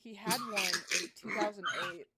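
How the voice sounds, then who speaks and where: A woman's voice: medium pitch, steady tone, moderate pace, pushed and bright. A woman running a tabletop game as game master, chatting and laughing with her players. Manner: laughing often, chatty and knowing. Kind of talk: casual tabletop chat.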